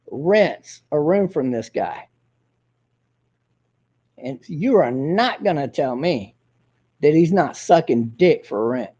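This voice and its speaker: A man's voice: a little high, mellow, slightly rough. A man hosting his own show in a crude, profane, mocking ranting monologue. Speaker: show host. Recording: dull lo-fi audio.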